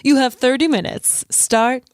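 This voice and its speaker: A woman's voice: sits high, unhurried, clean tone, no echo, clean studio sound. A woman voicing a vain, charming male wizard teacher in a smiling, sing-song, news-anchor style. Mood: smug. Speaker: reading a book quote.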